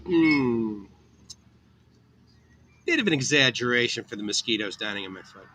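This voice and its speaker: A man's voice: mid-range voice, expressive, moderate pace, pushed and bright, slight background noise, low-quality recording. A man hosting a casual livestream from a cafe, chatting upbeat with viewers and answering their comments by name. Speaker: livestream host. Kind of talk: casual live chat reading viewer comments. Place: outdoor cafe on a tropical island.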